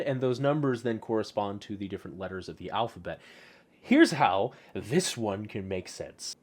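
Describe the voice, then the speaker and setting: Playful, animated man hosting a vlog. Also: medium pitch. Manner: playful, self-mocking, with many fillers and restarts. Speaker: YouTube host. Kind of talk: casual vlog showing collectibles.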